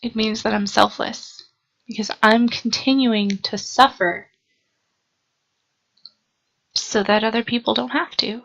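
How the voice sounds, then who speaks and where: A young woman talks unscripted to her camera, earnest and a bit sleepy, stopping and restarting her thoughts. Her voice has a gravelly fry to it, and the recording sounds dull and muffled. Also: fairly high pitch, steady tone, a bit bright. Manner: earnest, halting, with frequent ums and restarts. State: sleepy, yawning. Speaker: vlogger. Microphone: camera mic.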